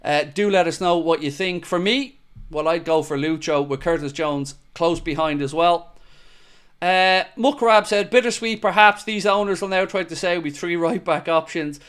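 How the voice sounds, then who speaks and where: Young male fan-show host, higher voice, smooth clear tone, blunt and passionate with his chat. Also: moderate pace, a bit bright. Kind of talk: live match reaction, reading viewer comments.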